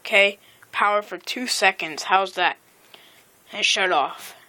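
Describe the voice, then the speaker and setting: A woman's voice: mid-range voice, bright, forceful tone, no room sound. A teenage girl vlogging outdoors into a phone, rambling with lots of ums and self-corrections. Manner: halting, rambling, many fillers and self-corrections. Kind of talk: casual rambling vlog. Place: outdoors by a house. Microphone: phone camera.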